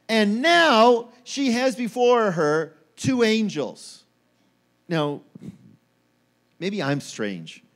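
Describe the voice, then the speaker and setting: High-voiced animated male preacher. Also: extremely slow, long pauses. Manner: animated, acts out quoted voices with rising pitch. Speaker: pastor. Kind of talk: sermon. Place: church.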